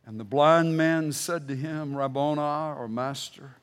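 A middle-aged man preaching a sermon, emphatic, rising to loud bursts and then dropping low and quiet when he reads scripture. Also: measured pace, few pauses, clean tone.

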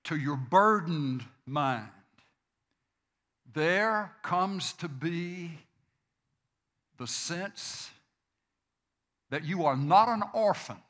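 A male pastor delivering a sermon at a slow, measured pace. His voice sits a little high and sounds bright and forceful. He leans on repeated phrases to drive points home. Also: animated. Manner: slow, deliberate preaching with emphatic repetitions.

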